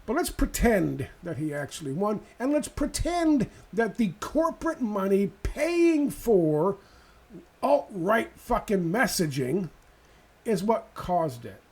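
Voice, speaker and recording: A man's voice: sits high, sing-song, slow pace, a little mellow, slightly rough. A man ranting sarcastically and profanely in a political video commentary.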